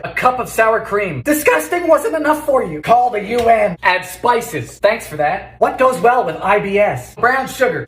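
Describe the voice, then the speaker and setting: A man with a wildly swinging, animated voice tosses off campy, sarcastic one-liners and bursts into loud exclamations. He sounds like he's in a roomy, echoey kitchen. His delivery is theatrical and playful. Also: sits high. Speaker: home baker. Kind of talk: comedic vintage-recipe cooking narration.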